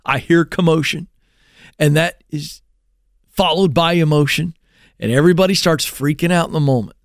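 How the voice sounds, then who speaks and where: A middle-aged man hosting a talk show, telling stories in an animated way with many restarts and acted exclamations. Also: fairly high pitch, normal speed, dry recording, clean studio sound. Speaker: radio show host.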